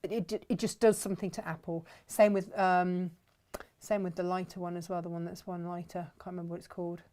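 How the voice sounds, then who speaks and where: A woman who hosts a fabric shop workshop chats casually, rambling with enthusiasm. She speaks a little fast in a lowish, warm voice with little pitch movement.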